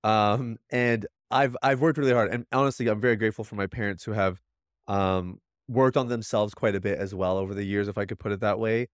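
A man's voice: fairly low pitch, fairly even intonation, a little fast, clear, resonant tone, dry recording. A man in his thirties, a podcast guest, talking earnestly and reflectively in casual conversation, with many restarts.

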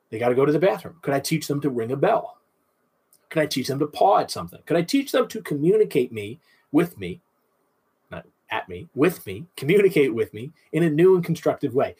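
A man's voice: mid-range voice, breathy edge. A man in his thirties, a dog trainer giving an instructional talk, asking himself questions and answering them.

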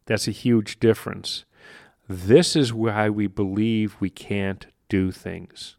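Male podcast host, low-pitched, enthusiastic self-help talker, dry close recording. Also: slow pace, vocal fry, no echo. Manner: animated, acts out inner voices, laughs at himself. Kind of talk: motivational solo podcast talk.

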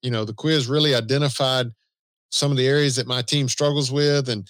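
A man's voice: medium pitch, steady tone, a little fast, fairly bright tone, no room sound. A man with a Southern US accent co-hosting a podcast in easygoing, self-deprecating casual chat. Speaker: podcast co-host.

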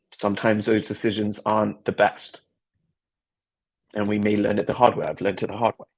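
In a lowish, gravelly, slightly rough voice, a male podcast host shares a personal story as a motivational talk. His tone is earnest and reflective, and he repeats himself frequently.

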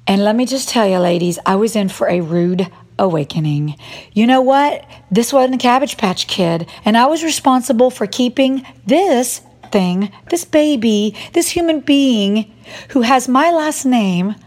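A middle-aged woman telling a personal story in a lively, self-mocking way, acting out what people said. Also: fairly high pitch, a little slow. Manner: animated, self-mocking storytelling with acted-out quotes. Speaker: mom vlogger. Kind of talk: storytelling monologue.

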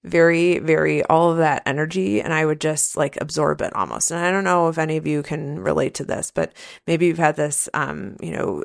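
A woman's voice: deep voice, vocal fry. A woman hosting a casual solo podcast, telling a rambling story in a candid, profane way. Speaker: podcast host, nurse and coach.

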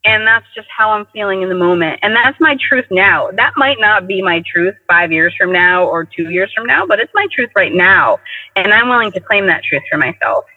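Speaking at an ordinary pace, this man, a guest with a very high voice, recounts his own experiences in an easygoing, energetic way and performs other people's lines as he tells them. His voice reaches us over a tinny, telephone-style line that carries a dry edge and lingering echo.

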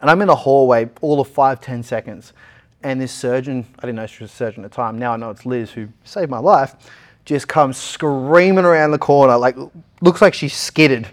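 A man's voice: mid-range voice, moderate pace. Australian man telling his story. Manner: animated retelling, acting out other people's lines. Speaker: interview guest. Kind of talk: storytelling in a casual interview.

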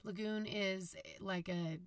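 A woman from Utah with a low, raspy, husky voice, chatting casually on her own podcast and rambling with fillers and self-corrections. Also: fairly even intonation, slow, no room sound. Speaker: podcast host. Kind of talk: casual solo podcast monologue.

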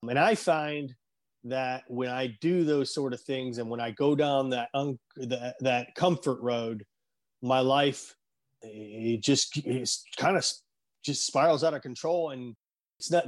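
A man telling an emotional personal story in conversation, earnest and halting, at times choked up. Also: mid-range voice. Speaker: guest.

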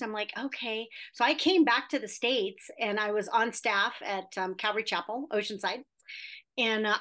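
Brief: fifties woman, interview guest, chatty storyteller who acts out dialogue, mid-pitched voice. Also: fairly bright tone. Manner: chatty, acts out quoted dialogue, many fillers.

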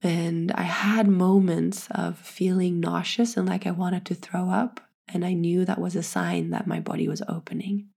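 A woman recounts her own experience in a slow, meditative, soft-spoken way that slips into whispers. Her voice sits low and mellow, with a husky, gravelly grain to it. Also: fairly even intonation. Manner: drops into whispers. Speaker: podcast guest telling her birth story. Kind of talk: personal storytelling.

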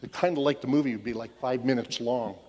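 A man's voice: medium pitch, quick pace, darkish tone. A man giving a casual, conversational Bible teaching, telling the story loosely and thinking aloud as he goes. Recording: long hall reverb.

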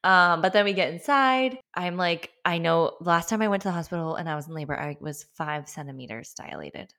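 A young woman hosting her own podcast, talking casually through a personal story. She speaks in a fairly low voice and leans on "like" as she stresses her points. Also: a bit bright. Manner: chatty, emphatic, lots of "like". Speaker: podcast host.

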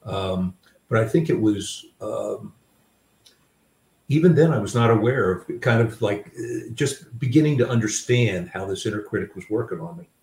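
An older man, a grandfather and guest author, tells stories from his life in conversation, reflective and self-deprecating, with many fillers and restarts. His voice is lowish, expressive and a little mellow at a moderate pace. The sound is roomy and he sits a bit far from the mic.

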